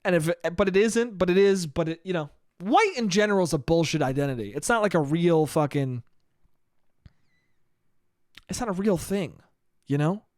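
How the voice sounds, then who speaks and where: A man's voice: high-pitched, animated, moderate pace, pauses often, darkish tone, no room sound, clean studio sound. A young man hosting his own podcast, talking casually in a rambling, profane monologue and laughing often. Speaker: podcast host.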